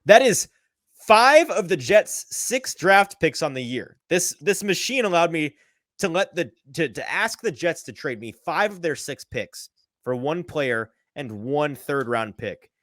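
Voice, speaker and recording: A man hosting a sports podcast, talking casually in an animated, sarcastic way, firing off ideas with quick restarts. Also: fairly high pitch, no echo, clean studio sound. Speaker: podcast host.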